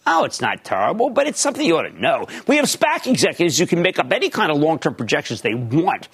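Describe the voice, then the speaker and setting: An older man hosting a market call-in show, emphatic and rapid-fire, shouting his catchphrases. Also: a little high, wildly swooping pitch, slightly rough. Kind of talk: loud call-in lightning round and commentary.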